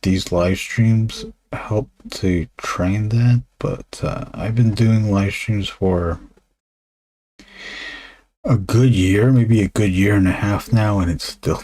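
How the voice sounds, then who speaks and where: A man streaming live while drawing comics, talking low and half-whispered into a desk microphone, musing with pauses. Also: fairly even intonation, warm tone.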